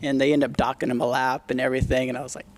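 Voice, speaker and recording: A man's voice: mid-range voice, flat delivery, rapid-fire. A middle-aged man, a podcast guest, telling stories in a blunt, profane, casual way. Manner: blunt, profane, acts out quotes in his stories. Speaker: podcast guest, retired motocross racer. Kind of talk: casual storytelling interview.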